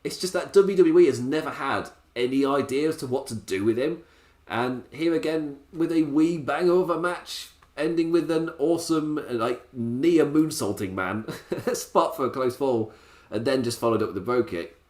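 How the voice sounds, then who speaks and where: A man's voice: medium pitch, normal speed, a little mellow. A man reviewing a wrestling show in a casual, sarcastic way, often laughing. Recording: roomy echo.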